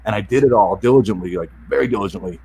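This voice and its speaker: A man with a somewhat low voice tells a hard personal story as a podcast guest. He speaks earnestly and with open emotion. He keeps stumbling and restarting mid-sentence. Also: mellow, breathy edge. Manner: earnest, halting, with frequent restarts and repeated words; openly emotional. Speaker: podcast guest, self-help author. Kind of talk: personal story told in an interview.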